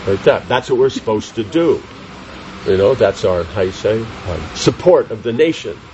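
A man's voice: on the low side, expressive, moderate pace, dark tone, lo-fi sound, a little hiss or hum. A man giving a scripture class, reading commentary aloud and explaining it with questions to his listeners. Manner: reads commentary then explains with rhetorical questions to the audience. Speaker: spiritual teacher.

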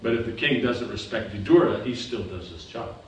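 A man's voice: medium pitch, fairly quick, recorded from a distance. A man teaching a scripture class, explaining patiently and often checking that his listeners understand. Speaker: spiritual teacher. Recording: echoey room recorded from afar with background noise.

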